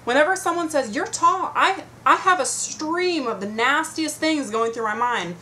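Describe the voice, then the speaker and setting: A woman with a fairly high voice rambles through a story straight into her webcam, swearing freely and sounding exasperated. She talks in a loose, unscripted way from her desk at home, with a faint hiss behind her. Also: expressive, normal speed, bright, forceful tone. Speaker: vlogger. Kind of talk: casual storytelling rant to camera. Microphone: computer webcam mic.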